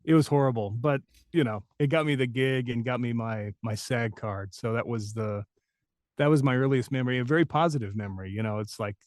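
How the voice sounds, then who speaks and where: A man's voice: medium pitch, a little mellow, no echo, clean studio sound. A man who works as a voice actor, telling long anecdotes in an interview with many fillers and restarts. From New Mexico. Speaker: voice actor guest. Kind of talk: interview storytelling.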